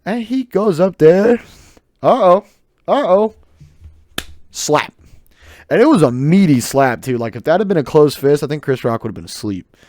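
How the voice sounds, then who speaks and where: A man's voice: a little high, animated, moderate pace, long pauses, darkish tone, no room sound. A young adult man hosting his own podcast in a rambling, joking, loose and opinionated monologue. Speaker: podcast host. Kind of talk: casual solo podcast monologue.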